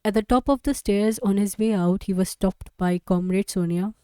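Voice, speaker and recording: A woman's voice: mid-range voice, moderate pace, dark tone, clean tone, no room sound. Woman reading a novel aloud. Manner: reads aloud with small slips and self-corrections. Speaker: audiobook reader. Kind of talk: novel reading, live stream.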